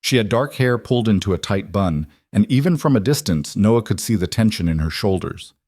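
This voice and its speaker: A male narrator tells a dramatic story in a steady, scripted delivery. His voice sits low. The recording is dry and close with no room sound. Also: fairly quick, dry recording.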